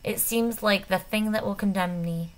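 A woman reading a novel aloud in the first person, with an expressive, dramatic delivery. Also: medium pitch, moderate pace, low-quality recording. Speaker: audiobook reader. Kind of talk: first-person audiobook narration.

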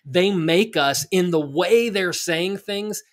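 A man's voice: high voice, slow. A middle-aged man on a podcast, laying out his point earnestly, step by step, in casual talk. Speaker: podcast co-host.

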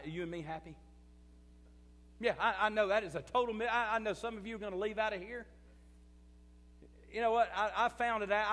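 A man preaching a sermon as pastor, swinging between loud emphatic bursts and quiet confiding asides, repeating phrases for emphasis. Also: high-pitched. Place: church sanctuary. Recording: church hall reverb.

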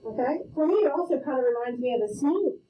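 A middle-aged woman teaches a math class in a high, lively voice at a quick pace, playful and full of stories, often checking in with "okay?". The classroom audio is roomy, distant and muffled, with slight background noise.

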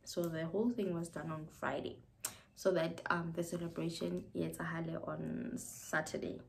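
A woman's voice: lowish voice, level tone, moderate pace, creaky, a little hiss or hum, rough recording. A young South African woman with a South African accent, telling a personal story in a casual vlog, emotional and mixing English with Sesotho. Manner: emotional, mixing English with Sesotho, drops often to a near whisper. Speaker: YouTuber.

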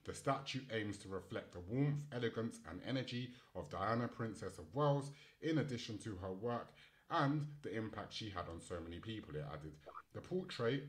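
A man's voice: on the low side, animated, normal speed. A man hosting a casual panel podcast, reading news items aloud and breaking off into chatty commentary with fillers. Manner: reads articles aloud, then breaks off into chatty asides with fillers. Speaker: podcast host and moderator.

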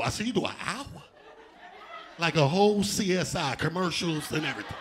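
A man doing a live stand-up set, loud and animated, shouting out punchlines and acting out other people's voices. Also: fairly high pitch, brisk. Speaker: stand-up comedian. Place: theater stage before a live audience.

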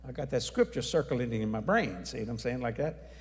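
A man telling a testimony story as an evangelist, acting out the people in it and raising his voice at the high points. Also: quick pace. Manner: animated, acts out dialogue, shouts at climaxes. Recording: long hall reverb.

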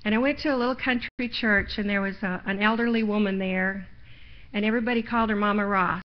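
Here a middle-aged woman talks fast in a medium-pitched, steady voice while preaching in church. She's homespun and personal, recounting her testimony and pushing each point with mounting force, all on lo-fi live stream audio.

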